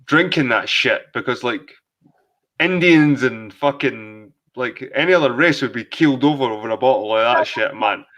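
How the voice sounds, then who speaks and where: A man's voice: medium pitch, moderate pace, fairly bright tone, dull audio. A man in his thirties hosting a casual late-night video call chat, laid-back and swearing freely. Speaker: host.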